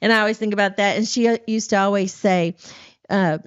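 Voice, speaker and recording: A woman's voice: mid-range voice, fairly even intonation, a little fast, clean tone, no echo. A woman hosting a podcast in casual chat, telling rambling stories with frequent restarts. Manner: rambling, self-interrupting storyteller. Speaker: podcast host. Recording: dull, dry lo-fi recording.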